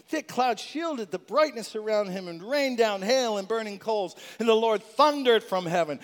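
A man preaching a lively sermon, swinging from loud shouts to hushed, intimate asides. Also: very high-pitched. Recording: long hall reverb.

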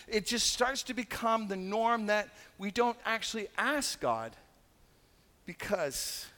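A Canadian pastor with a fairly high voice preaches in a casual, joking way and slips into little voices for the people he quotes. His talk rings out with the long reverb of a large church hall. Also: a bit bright. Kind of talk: sermon.

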